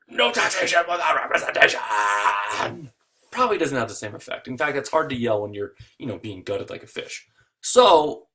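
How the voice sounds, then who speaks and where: Animated male history lecturer. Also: mid-range voice. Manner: animated, digressive, with jokey asides.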